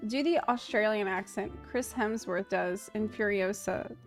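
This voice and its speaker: Woman, streamer, casual chat, giggly, slow talker, faint music behind. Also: medium pitch. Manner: giggly, chatty, reads chat aloud.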